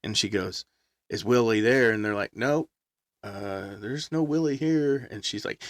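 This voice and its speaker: A middle-aged man telling stories in casual chat, animated, acting out quotes and laughing often. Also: medium pitch, measured pace, no echo, studio quality. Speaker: guest musician.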